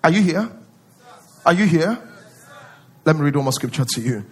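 Animated husky-voiced male preacher. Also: a little high, moderate pace. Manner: animated preaching, acts out prayers in a pleading voice. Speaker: pastor. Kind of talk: sermon.

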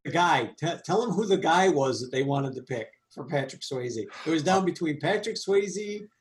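A man co-hosting a casual movie review chat, animated and laughing, with quick asides. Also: fairly high pitch. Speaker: podcast co-host.

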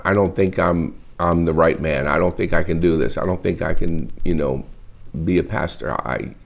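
Emotional low-voiced man preaching. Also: gravelly. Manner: emotional, wears heart on sleeve; halting, repeats words often. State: tearful. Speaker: pastor. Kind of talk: livestreamed sermon.

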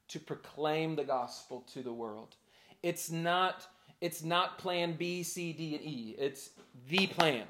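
A man with a fairly high voice delivers a sermon. He talks in an easygoing, conversational way, and his voice jumps up when he plays out the excuses of the people in the story. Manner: conversational preaching with many "like"s and laughs; acts out Moses' excuses in a raised voice. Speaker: pastor.

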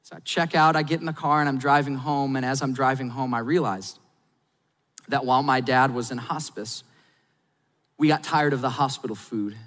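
A middle-aged man, a pastor, preaching a sermon and telling a personal story candidly, going quiet and soft at sad points and rising to urge his listeners. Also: medium pitch, normal speed. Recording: long hall reverb.

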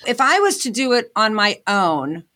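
A woman's voice: on the high side, very animated, normal speed, pushed and bright. A woman guest in an interview, talking earnestly about her path as an inventor and motivational speaker. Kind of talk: candid interview talk.

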